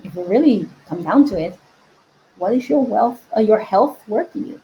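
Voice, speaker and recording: A woman giving a live-stream money coaching talk, energetic and asking viewers questions. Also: medium pitch, moderate pace, muffled recording. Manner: energetic, asks the audience questions.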